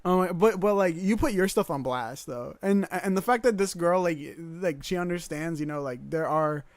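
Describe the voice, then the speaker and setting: A young man in casual chat, teasing his friend and jumping in with quick reactions. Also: sits high, no echo.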